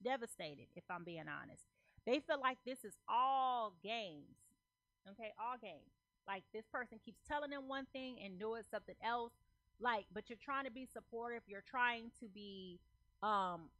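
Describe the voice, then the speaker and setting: Woman tarot reader, slightly high, punchy and repetitive, casual slang, dry recording. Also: sharp tone, no echo. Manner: emphatic, repeats phrases, checks in with "okay?"; loose slangy talk. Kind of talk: casual tarot reading to camera.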